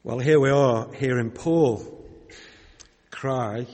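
A man with a Yorkshire accent preaching a sermon in a measured, conversational way, asking his listeners questions. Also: mid-range voice, a little mellow, big-room sound. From Yorkshire, England.

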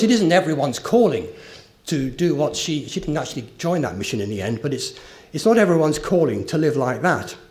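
A man's voice: fairly high pitch, darkish tone. A man preaching a sermon, earnest and emphatic, with a story told along the way. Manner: earnest, rising emphasis on key phrases.

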